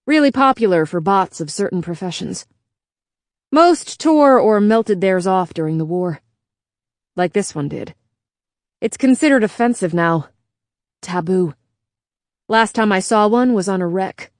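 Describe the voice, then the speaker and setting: A woman reading a novel aloud as a measured first-person audiobook narrator. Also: medium pitch, lively intonation, no echo, clean studio sound. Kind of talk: scripted narration.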